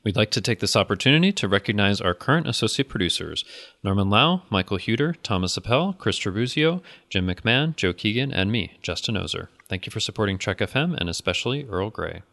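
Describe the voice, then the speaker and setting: A man's voice: lowish voice, lively intonation, a little fast, gravelly, fairly bright tone. A man co-hosting a podcast in casual chat, easygoing and laughing often. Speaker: podcast co-host.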